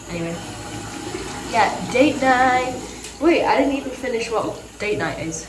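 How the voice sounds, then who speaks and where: A woman's voice: on the high side, animated, measured pace, long pauses, recorded from a distance, noisy background. A young woman with a Geordie accent, hungover, chatting rambly to her phone camera while getting ready in her bathroom. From Newcastle, England. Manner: rambling, chatty, many fillers. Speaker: vlogger. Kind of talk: casual chat to camera. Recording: echoey room, voice off-mic.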